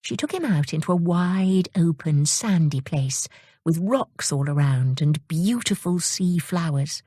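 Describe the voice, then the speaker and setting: A woman reading children's stories aloud in a slow, expressive storytelling manner. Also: on the low side, slightly rough, no room sound, clean studio sound. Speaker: audiobook reader.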